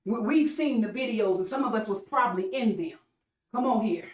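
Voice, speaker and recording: Woman preacher, online sermon, repetitive stammering build-ups, higher voice, captured from across the room. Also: animated, a little fast, darkish tone. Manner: repetitive call-and-response preaching with stammered restarts. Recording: echoey room, voice from far off mic.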